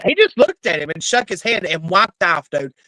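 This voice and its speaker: A middle-aged woman telling stories in casual chat, animated and laughing, with plenty of cursing. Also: fairly low pitch, moderate pace, no echo, low-quality recording. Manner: animated, laughing, profane storyteller.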